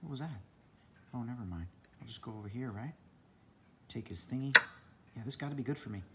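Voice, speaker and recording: A man's voice: mid-range voice, a little fast, heavy background noise. A man talking casually to camera at home in a vlog, chatty, often laughing and muttering to himself. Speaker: vlogger. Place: home indoors.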